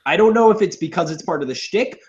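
A man's voice: high voice, quick pace. Sarcastic man riffing on a bad movie. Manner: sarcastic, swears freely, animated. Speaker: podcast co-host. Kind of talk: casual movie review chat. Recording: dull lo-fi audio.

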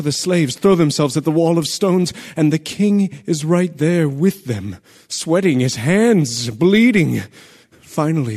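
A man's voice: fairly high pitch, darkish tone. A man voicing a messenger who vividly recounts a tragedy in a radio drama. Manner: vivid storytelling. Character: urgent male messenger telling of tragedy.

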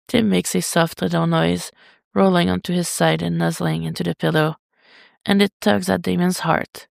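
A reader narrating a fan story as an audiobook, in an intimate, even delivery. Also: mid-range voice, moderate pace, gravelly, no echo, clean studio sound. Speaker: podfic reader.

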